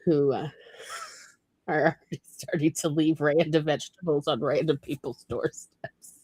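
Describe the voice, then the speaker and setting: A woman's voice: low-pitched, steady tone, moderate pace, darkish tone, husky, dry recording. A woman co-host chatting casually, enthusiastic and giggly, with fillers. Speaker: co-host, newsletter writer. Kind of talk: casual chat.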